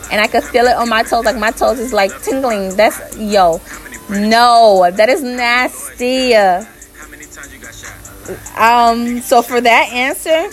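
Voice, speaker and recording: A woman vlogger answering viewer questions in a candid, casual way. She speaks her mind plainly and often breaks into laughter. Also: on the high side. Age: adult mother. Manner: frank and opinionated, slow and deliberate, often breaks into laughter.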